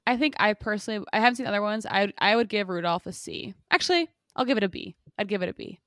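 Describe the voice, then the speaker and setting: Giggly woman in casual chat, expressive pitch, dry close mic. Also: fast, no echo.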